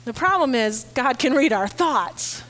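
High-pitched lady pastor preaching, chatty and lively, acts out what people say. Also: a little slow. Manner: conversational, animated, acts out quoted voices. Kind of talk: sermon.

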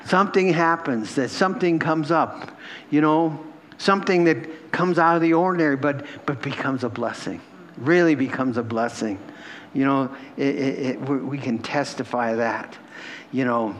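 A man's voice: medium pitch, moderate pace, a bit bright, slight background noise. A man preaching a sermon to a congregation in a conversational, emotional way, often laughing and repeating himself. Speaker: pastor. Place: church hall with a congregation.

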